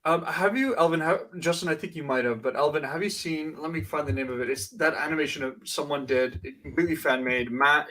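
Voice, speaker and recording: A man's voice: on the high side, fast talker, hardly any pauses, sharp tone. Rambling man in casual chat. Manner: rambling, restarts, many fillers. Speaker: podcast co-host.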